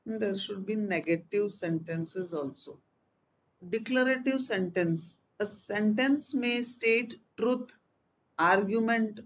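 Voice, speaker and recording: A woman teacher giving a grammar lesson, explaining step by step, repeating key terms and reading out example sentences. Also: mid-range voice. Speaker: English teacher.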